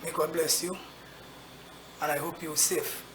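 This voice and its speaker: Slow, grave man, roomy echo. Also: fairly high pitch, fairly even intonation, slight background noise. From Caribbean. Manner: slow, grave, repeats rhetorical questions. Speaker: actor addressing his audience. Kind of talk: impassioned address to camera. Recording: roomy echo, faint ambience.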